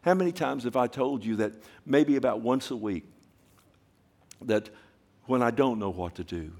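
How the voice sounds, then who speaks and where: Male pastor, mid-pitched, fervent sermon delivery, wide swings in volume. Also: lively intonation, moderate pace. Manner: impassioned, swings from hushed to loud; asks the congregation questions.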